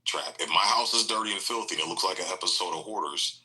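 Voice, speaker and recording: A man's voice: low voice, quick pace, sharp tone, poor audio. A man arguing his point at length in a heated online debate, insisting on finishing before others speak. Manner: insistent, holds the floor. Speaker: debate panelist.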